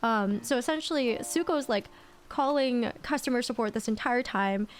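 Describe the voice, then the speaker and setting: A young woman telling a story to her viewers, animated and rambling, repeating phrases as she goes. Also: a little high, moderate pace, a little hiss or hum. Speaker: streamer.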